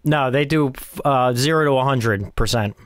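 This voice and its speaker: A man's voice: mid-range voice, normal speed, no echo, clean studio sound. A man hosting a casual movie podcast, running the segments and laughing often as he chats with two co-hosts. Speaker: podcast host.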